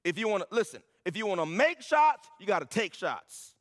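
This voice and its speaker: A man's voice: high voice, big pitch swings, a little fast, a bit bright, long reverb tail. A man preaching a sermon as pastor, building to emphatic, repeated lines.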